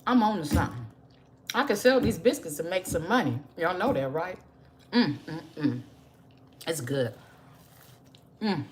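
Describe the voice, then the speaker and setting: Woman, cooking video host, chatty, encouraging, slightly low voice. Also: lively intonation, unhurried, pauses often. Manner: chatty, encouraging, addresses viewers as y'all and baby. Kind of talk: casual cooking demonstration to viewers.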